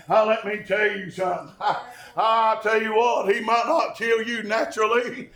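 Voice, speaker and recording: High-pitched shouting preacher. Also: male voice, steady tone, measured pace. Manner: chanted preaching with rhythmic "uh" gasps between phrases. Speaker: pastor. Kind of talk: fiery shouted sermon. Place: church service. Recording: echoey church sanctuary.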